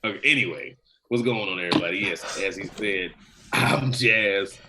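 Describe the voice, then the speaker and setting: A man's voice: fairly low pitch, normal speed, very noisy. A man co-hosting a casual podcast, laughing easily and chatting loosely. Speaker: podcast co-host. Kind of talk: casual chat.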